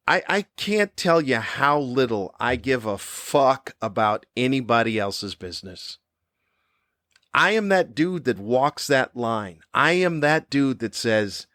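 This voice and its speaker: A cranky older man rants in a comedic podcast monologue. He sounds sarcastic and fed up, and his voice sits at an ordinary male pitch. The sound is close and dry, with almost no room echo. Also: animated, a little slow, a bit bright. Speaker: podcast host.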